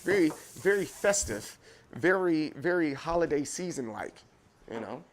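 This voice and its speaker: A man's voice: fairly high pitch, big pitch swings, moderate pace. A man hosting a casual livestream from his home kitchen. He rambles in a chatty way and talks straight to his viewers while walking with a handheld camera. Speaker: livestream host.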